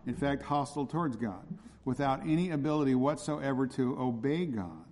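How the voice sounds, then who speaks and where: A man's voice: medium pitch, animated, moderate pace, a little mellow. Preaching man in a reverberant church hall. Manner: emphatic, repetitive teaching with rhetorical questions. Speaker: pastor. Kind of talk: expository sermon.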